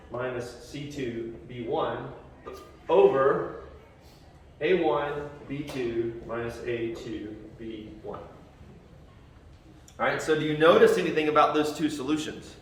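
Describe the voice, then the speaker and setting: A man's voice: medium pitch, distant mic, a little hiss or hum. Man teaching in an echoey classroom. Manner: joking and conversational, checks in with students. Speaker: math teacher. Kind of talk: classroom lecture.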